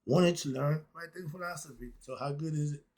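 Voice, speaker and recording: A man's voice: a little high, a little fast, a little mellow. A man talking as a self-styled philosophy teacher in an impassioned solo talk, rambling and blunt with frequent cursing.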